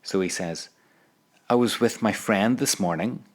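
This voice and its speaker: A man's voice: fairly low pitch, a little slow. A man teaching an audio language lesson, patiently prompting the listener to repeat phrases.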